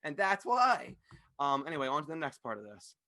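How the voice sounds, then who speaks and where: A man hosting a podcast, ranting fast, loud and passionate into a studio microphone, swearing freely. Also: on the high side, big pitch swings, vocal fry. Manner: fast-talking. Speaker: podcast host. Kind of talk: ranting monologue.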